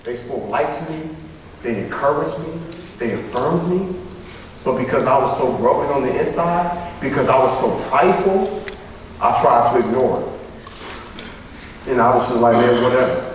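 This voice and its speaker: A man's voice: medium pitch, animated, moderate pace, long pauses, far from the mic, a little hiss or hum. Man speaking emphatically in an echoey hall. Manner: emphatic, repeats phrases for rhythm and acts out dialogue. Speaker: motivational speaker. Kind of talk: school assembly speech. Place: school assembly hall.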